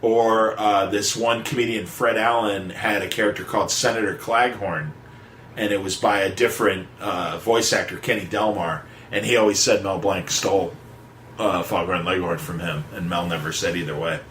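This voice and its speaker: A man's voice: low-pitched, fairly even intonation, normal speed, fairly bright tone, slight background noise. Rambling man in an echoey room. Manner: rambling, digressive storyteller. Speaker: podcast host. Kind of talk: casual chat. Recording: echoey room with faint music.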